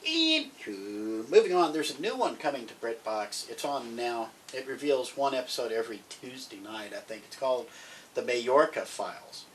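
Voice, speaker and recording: Man, podcast co-host, rambling and chatty, mid-pitched voice, set back from the mic, faint hiss behind. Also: moderate pace. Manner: chatty, rambling, grows excited. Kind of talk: casual chat recommending TV shows. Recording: distant mic, faint background noise.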